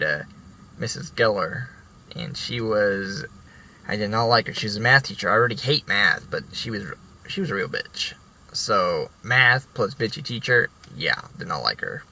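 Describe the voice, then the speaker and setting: Bright-voiced young man telling stories. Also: lowish voice, expressive, normal speed, a little hiss or hum, poor audio. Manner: rambling, profane, many restarts. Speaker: vlogger. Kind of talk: casual storytelling.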